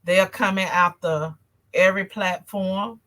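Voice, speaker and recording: A woman's voice: medium pitch, fairly even intonation, measured pace, pushed and bright. Chatty Southern woman with a country twang. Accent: North Carolina country twang. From North Carolina. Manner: chatty, addresses viewers as y'all, reads comments. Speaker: show host. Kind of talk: casual political talk livestream.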